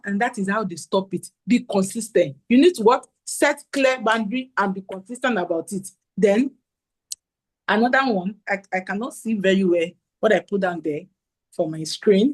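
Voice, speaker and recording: A woman's voice: a little high, rough recording. A woman, giving a parenting talk at a conference and asking her listeners questions as she acts out what parents and children say. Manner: animated, acts out quotes, asks audience questions.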